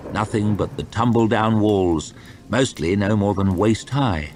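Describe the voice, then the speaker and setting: Deep-voiced man reading a story. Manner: expressive, dramatic reading. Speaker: audiobook reader.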